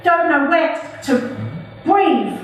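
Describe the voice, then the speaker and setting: A woman's voice: high voice, lively intonation, takes it slowly, slight background noise. A woman performing her own poems live, chatty and playful between them. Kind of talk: live spoken-word poetry reading. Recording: echoey room from far off.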